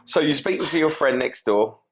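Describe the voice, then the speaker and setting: A man's voice: on the high side, animated, brisk. A man hosting a podcast interview, asking questions and throwing in teasing jokes. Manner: teasing, jokey. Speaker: podcast host. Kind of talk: conversational interview.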